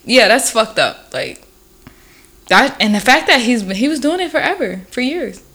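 A woman's voice: a little high, very animated, moderate pace, bright, forceful tone, breathy edge. A woman in a casual chat, talking bluntly with frequent swearing and filler words. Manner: blunt, swears freely, lots of "like".

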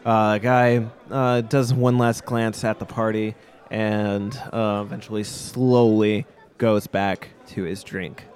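A man narrating as game master in a tabletop game, halting with many fillers. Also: fairly low pitch, level tone, darkish tone.

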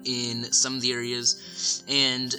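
A man's voice: medium pitch, completely flat delivery, takes it slowly, sharp tone, poor audio. A man co-hosting a casual podcast about game music, giving track details with hesitant fillers. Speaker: podcast co-host.

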